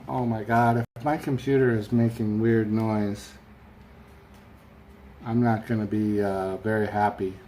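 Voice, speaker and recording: A man's voice: lowish voice, flat delivery, unhurried, warm tone, slight background noise. A man hosting a casual live stream chat, rambling and reading out viewer comments from his room at home. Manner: rambling, chatty, reads viewer comments aloud. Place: home room with a fan running.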